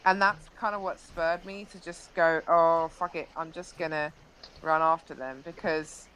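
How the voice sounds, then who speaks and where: A woman's voice: sits low, fairly even intonation, measured pace, fairly bright tone, a little hiss or hum, rough recording. A young woman, a live-stream interview guest, animatedly recounting an incident with frequent restarts.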